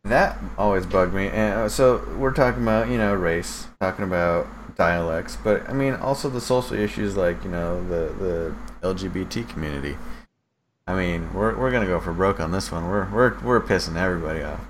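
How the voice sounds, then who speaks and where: A man's voice: low voice, moderate pace, a little hiss or hum, low-quality recording. A laid-back, blunt man chatting casually and swearing freely. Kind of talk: casual chat.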